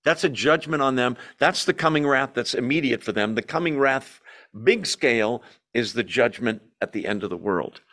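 Male Bible study teacher, mid-pitched, lively, fond of rhetorical questions. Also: moderate pace. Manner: animated, asks and answers his own rhetorical questions.

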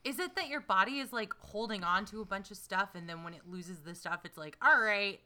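A woman's voice: medium pitch, fairly quick, pushed and bright. A woman in her thirties co-hosting a podcast in casual chat, wry and teasing, joking dryly. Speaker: podcast co-host.

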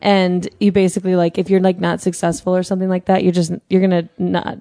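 A woman in casual podcast chat, joking and swearing with quick asides. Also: on the low side, little pitch movement, mellow.

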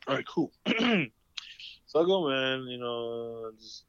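A man's voice: medium pitch, big pitch swings, slow pace, a bit bright, clean tone, no room sound. A man telling a long story in casual chat, rambling and profane, full of fillers. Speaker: podcast host. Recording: dull lo-fi dry sound.

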